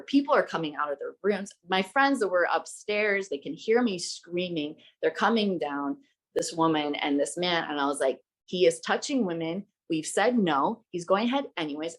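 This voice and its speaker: A young adult woman hosting a podcast, telling a story in an emphatic, heated way and swearing freely. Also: mid-range voice. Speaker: podcast host.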